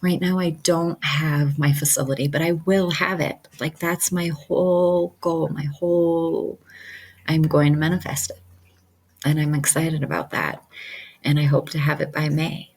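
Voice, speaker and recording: Earnest woman healer talking to camera, slow and low, lots of "like" and "you know". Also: flat delivery, darkish tone, slightly rough, poor audio. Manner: earnest, repeats affirmations, many fillers. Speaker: QHHT practitioner. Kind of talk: casual talk to camera.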